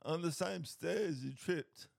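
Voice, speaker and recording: A man chats on a podcast. He speaks slowly with a gravelly edge. His rambling stories are broken up by chuckles, and the recording sounds dry and close. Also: a little high, no echo. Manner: rambling storyteller, chuckles often. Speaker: podcast co-host. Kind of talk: casual chat.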